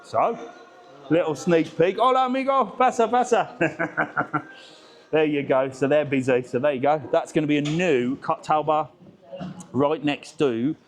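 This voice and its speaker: A man's voice: on the high side, fairly even intonation, takes it slowly, pauses often. A man with a slightly raised voice keeps up a cheeky, chatty running commentary as he strolls a seaside market. He stops strangers to chat, in a casual walking vlog recorded on a handheld camera outdoors. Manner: chatty, cheeky, chats up passers-by. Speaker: travel vlogger.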